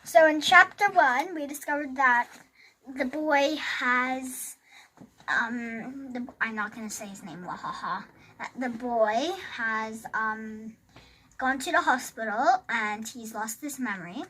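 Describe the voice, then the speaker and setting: A bright, high young voice reads a storybook aloud and chats along, quick to echo the lines. A faint hiss sits under the recording. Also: female voice. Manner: chatty, quick, joins in and echoes lines. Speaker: listener who also reads aloud.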